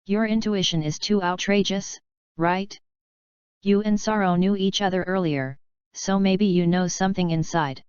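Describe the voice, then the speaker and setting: Mulher lendo uma garota esperta e provocadora. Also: female voice, medium pitch, fairly even intonation, normal speed, darkish tone, clear, resonant tone, no echo, highs cut off, close to an everyday voice. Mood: teasing. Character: teasing, clever teenage girl.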